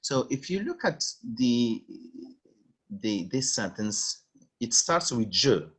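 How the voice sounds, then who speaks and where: A man teaching French over a video call, with a husky voice and a lively, rising and falling pitch. He speaks slowly and repeats each phrase with patience. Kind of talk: online language lesson.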